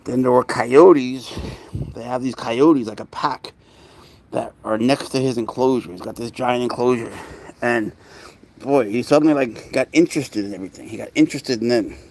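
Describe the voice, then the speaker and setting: On a casual livestream, a pet owner with a New York accent rambles from one thought to the next at normal speed, his pitch sitting in a man's middle range. Whenever he turns to his cats, he slips into soft, cooing baby talk.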